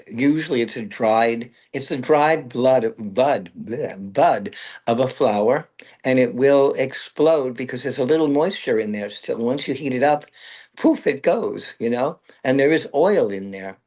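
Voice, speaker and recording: A man from Brooklyn, New York, is a guest in an interview conversation, telling long rambling anecdotes and laughing at his own stories. His voice is medium-pitched and a little mellow, at normal speed.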